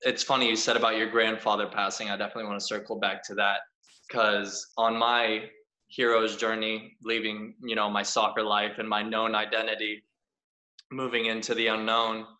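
A man with a bright, forceful voice hosts a conversational interview, asking reflective and supportive questions. His voice carries a roomy echo around it. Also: lowish voice. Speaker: podcast host.

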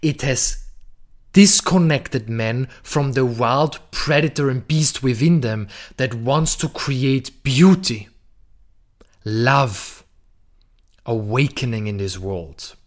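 Slow, emphatic man with a blunt delivery. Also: medium pitch. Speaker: podcast host. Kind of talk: monologue on masculinity and relationships.

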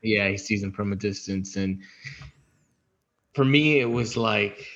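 A man's voice: on the low side, a bit bright, dull audio. A man co-hosting a casual podcast chat, rambling and correcting himself as he goes. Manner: rambling, self-correcting, apologetic. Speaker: podcast co-host.

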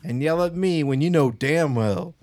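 A man's voice: a little high, expressive, normal speed, darkish tone, no echo. A man co-hosting a podcast in casual chat, telling wry, joking stories. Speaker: podcast co-host.

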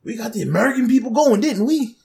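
A man's voice: extremely high pitch, expressive, quick pace, gravelly, a little mellow, pitched above the performer's own voice, full character voice. A man mocking a smug gloating politician. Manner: mocking, conspiratorial.

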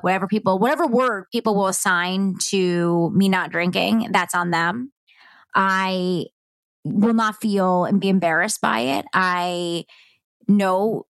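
A woman's voice: fairly low pitch, dry recording, studio quality. A middle-aged woman hosting a podcast, telling a personal story in a candid, heartfelt, conversational way. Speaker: podcast host.

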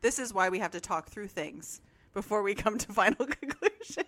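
A woman's voice: mid-range voice, animated, moderate pace, fairly bright tone. A woman co-hosting a podcast as a therapist, playful and laughing often, with a frog in her throat. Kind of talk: casual podcast chat.

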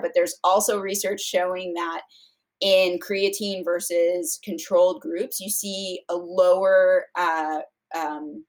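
A woman guest on a podcast, explaining nutrition research in casual chat, with frequent fillers and restarts. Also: fairly low pitch. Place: podcast studio.

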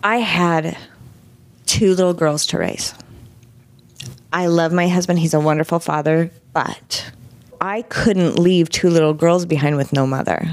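Low-voiced woman telling her story frankly. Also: unhurried, dry recording. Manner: frank, animated, vivid retelling with quoted dialogue. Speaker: interview guest. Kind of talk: candid personal storytelling.

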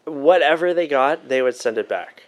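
A man's voice: mid-range voice, expressive, normal speed. A young man in casual chat, tipsy with the hiccups, talking loosely and swearing.

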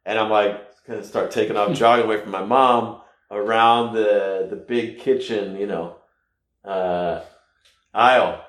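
A man from the United States recounts a personal story in a casual, rambling way, his slightly low voice stumbling over restarts before jumping into loud, animated bursts. The room around him is echoey. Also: a little slow.

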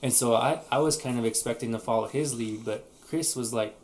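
A man's voice: medium pitch, a little fast, a little mellow, slight background noise. A man co-hosting a casual podcast, talking in a rambling way with many restarts. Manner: rambling, frequent restarts and fillers. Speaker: podcast co-host. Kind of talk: casual chat.

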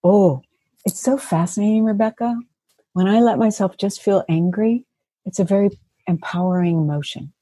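A woman's voice: medium pitch, moderate pace, dark tone, husky, no room sound, clean studio sound. A woman guest on a casual podcast, telling stories animatedly, laughing often and acting out her own thoughts. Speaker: guest coach.

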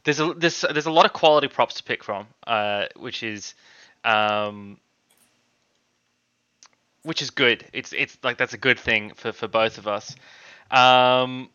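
Bright, crisp Australian man. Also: medium pitch, a little slow, long pauses, no room sound. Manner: earnest, stumbles and repeats words. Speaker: podcast co-host. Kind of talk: casual rugby chat. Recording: dry, slightly dull mic.

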